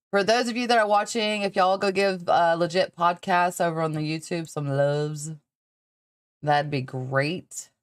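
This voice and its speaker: A woman's voice: on the low side, clean tone, dry recording, clean studio sound. A woman with a Southern accent hosting a podcast livestream, rambling casually, swearing freely and laughing often. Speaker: podcast host.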